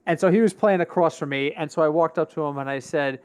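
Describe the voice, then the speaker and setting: Male co-host, middle-aged, slightly high voice, chatty storyteller. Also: fast talker, hardly any pauses, clear, resonant tone. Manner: chatty storyteller, animated retelling. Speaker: podcast co-host. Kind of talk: casual chat.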